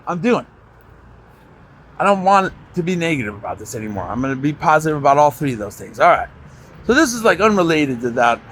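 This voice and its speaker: A man rambles through a candid personal story for his vlog, swearing often and acting out the lines of the people he met. His voice sits a little high for a man. Faint outdoor ambience and passing vehicles hum behind him. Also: a bit bright, low-quality recording. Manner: candid, profane, storytelling with reenacted quotes. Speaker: vlogger.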